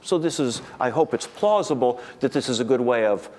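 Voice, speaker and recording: A man's voice: medium pitch, expressive, a little fast, darkish tone. A man giving an academic lecture to a room of listeners, thinking aloud with frequent restarts and repeated words.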